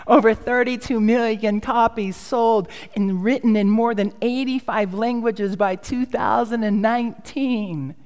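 A woman's voice: on the high side, fairly even intonation, takes it slowly, a little mellow, in a large hall. A middle-aged woman pastor giving a sermon in a storytelling way, with self-mocking humor.

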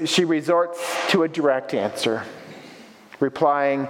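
Slow high-voiced male preacher. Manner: reflective, asks rhetorical questions. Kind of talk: sermon. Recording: long reverberant echo.

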